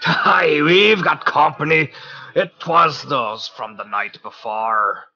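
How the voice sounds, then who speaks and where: A man's voice: fairly high pitch, slow pace, bright, forceful tone, lo-fi sound, full character voice. A man voicing a bold adult male pirate lookout who barks commands at the crew. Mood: commanding.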